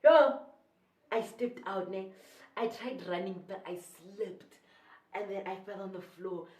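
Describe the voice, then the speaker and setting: A South African woman telling a casual storytime, rambling and excitable, often correcting herself mid-sentence. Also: medium pitch, a little slow, far from the mic, a little hiss or hum. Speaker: YouTuber. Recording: echoey room, voice away from the mic.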